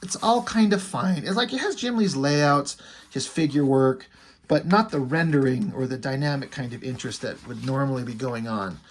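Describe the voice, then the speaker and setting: A man offers casual video commentary on a comic book, rambling along at a normal speed in a medium-pitched voice. His review is full of "like" and "you know," plus blunt, mocking asides.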